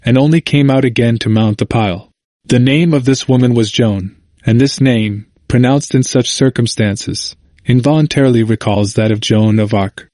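Man in measured formal narration. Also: mid-range voice, darkish tone, no room sound. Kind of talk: scripted audiobook narration of old history.

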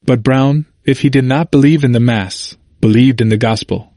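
A man narrates a history text in a steady, measured reading voice of middling pitch. The recording is dry and close, with no room sound around him. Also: no room sound. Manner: steady, measured reading, quotes read with only slight lift. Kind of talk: scripted narration of a history book.

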